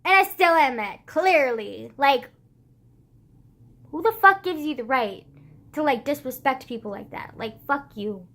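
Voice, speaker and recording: A woman's voice: high-pitched, lively intonation, measured pace, a bit bright. A teenage girl vlogging in casual chat, filling her talk with "like", sighing often and swearing bluntly. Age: teens. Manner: heavy use of "like" as filler, frequent sighs, blunt swearing.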